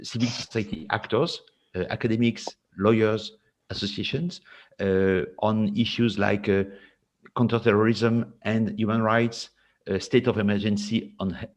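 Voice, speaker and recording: A man with a French accent introducing his organization in an online panel, hesitant and full of fillers. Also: lowish voice. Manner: hesitant, apologetic, many fillers. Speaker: head of a civil society group. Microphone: video call. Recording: lo-fi video call audio.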